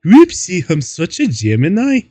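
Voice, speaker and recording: A man putting on a high, fussy Scottish-sounding old nanny lady. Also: wildly swooping pitch, a little slow, dark tone, no echo, soft background music, full character voice. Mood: twee. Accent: Scottish put-on.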